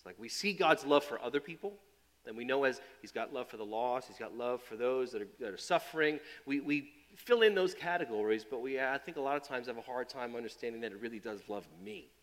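A man preaching a sermon. His delivery swings from loud, emphatic build-ups to quiet, low asides, and he often repeats and restarts phrases. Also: lively intonation, a little fast, long reverb tail. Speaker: pastor.

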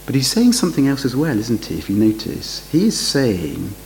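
A man preaching a sermon, his voice lively and full of rhetorical questions. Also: medium pitch, normal speed, slight background noise, rough recording.

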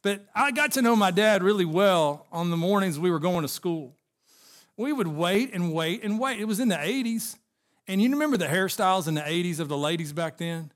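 Male pastor, high-pitched, earnest preaching with personal stories. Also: animated, a little fast. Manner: earnest, storytelling preacher addressing congregation. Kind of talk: sermon.

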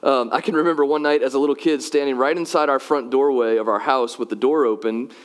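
A man giving a sermon, moving from personal storytelling to loud, emphatic calls to worship. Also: medium pitch, steady tone, fast talker. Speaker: pastor.

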